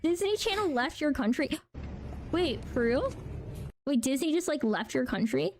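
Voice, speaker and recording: A woman streamer giving casual live reaction commentary, excitable and slangy, laughing and exclaiming often. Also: sits high, normal speed, slight background noise. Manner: slangy, says bro.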